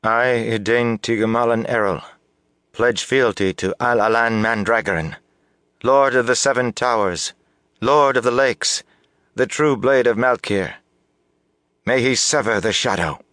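A man voicing a poised noble widow who speaks in a strong, clear, ceremonial manner. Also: mid-range voice, measured pace, fairly bright tone, dry recording, studio quality, voice pushed up, close to an everyday voice. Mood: solemn.

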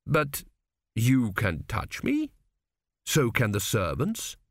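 A man's voice: mid-range voice, wildly swooping pitch, takes it slowly, no room sound, clean studio sound, full character voice. A man doing an earnest young king. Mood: puzzled.

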